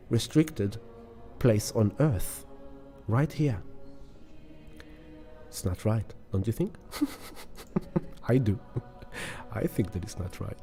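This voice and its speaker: A man's voice: mid-range voice, lively intonation, takes it slowly, pauses often, dark tone, faint music behind. A man hosting an astrology channel, explaining an astrology chart in a casual, emphatic way and repeating words for effect.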